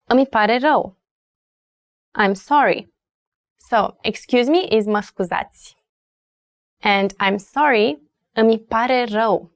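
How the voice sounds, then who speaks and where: Slow Romanian-accented woman teaching. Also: medium pitch, no echo, clean studio sound. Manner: slow, repeats phrases for learners. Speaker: language teacher. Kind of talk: language lesson.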